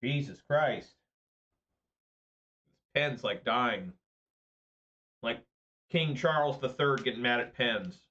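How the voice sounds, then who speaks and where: A man commenting on his own online card game, ranting with exasperation and frequent swearing. His voice is bright and sits in the middle pitch range. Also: slow pace, pauses often, muffled recording. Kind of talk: live gameplay commentary.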